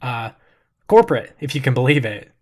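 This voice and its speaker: A man plays an affable, chatty suburban father in a tabletop role-play. His voice sits at an ordinary middle pitch. He is friendly on the surface but can turn intense without warning. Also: very animated, normal speed, darkish tone.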